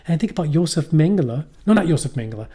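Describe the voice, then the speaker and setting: A middle-aged man chatting on a podcast, his voice dark and mellow. He rambles, swears freely and keeps breaking off mid-thought to start again. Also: a little high, lively intonation, rapid-fire, slightly rough. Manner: rambling, profane, trails off and restarts. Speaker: podcast co-host. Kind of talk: casual chat. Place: poorly heated shack.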